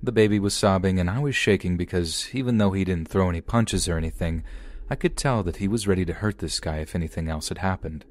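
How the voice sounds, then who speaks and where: Very deep-voiced man narrating. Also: quick pace, hardly any pauses, darkish tone. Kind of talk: scripted narration of an online story.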